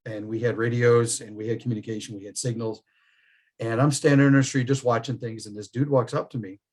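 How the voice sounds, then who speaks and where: A man's voice: medium pitch, brisk. A middle-aged man, a firearms trainer, telling stories in casual chat and laughing often. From New York state. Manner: animated storyteller, laughs often.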